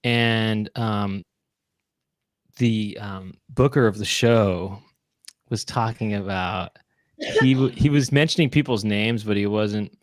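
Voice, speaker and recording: A man's voice: lowish voice, slow, no echo. A man co-hosting a comedy show, rambling through casual banter with stumbling self-corrections.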